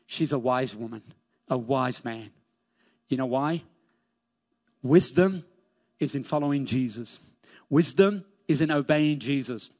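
A man's voice: mid-range voice, unhurried, long pauses, darkish tone. A man preaching a sermon as pastor, emphatic, repeating key phrases and lifting his voice on scripture. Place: church sanctuary. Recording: long church reverb.

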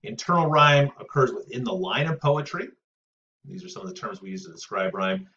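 A man's voice: fairly low pitch, animated, sharp tone, a little hiss or hum. Man giving a muffled, distant lecture. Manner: casual, frequent "right?" checks and filler pauses. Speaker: teacher. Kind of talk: recorded lecture on poetry.

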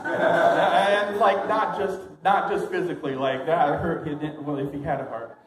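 Young male comic, rambling and self-amused, higher voice, echoey noisy club. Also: fairly even intonation, a little slow, crowd noise. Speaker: stand-up comic. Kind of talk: open mic stand-up storytelling. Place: small comedy venue. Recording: echoey room with clear noise.

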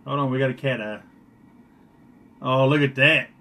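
A man's voice: medium pitch, moderate pace, bright, forceful tone. A man doing a joking live-stream makeup session, teasing and boastful.

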